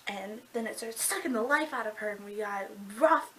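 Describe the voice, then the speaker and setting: A woman gushing excitedly about a book in a casual review vlog, full of "like" and breathless reactions. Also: a little high, normal speed, slight background noise, low-quality recording. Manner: gushing and excitable, heavy use of "like".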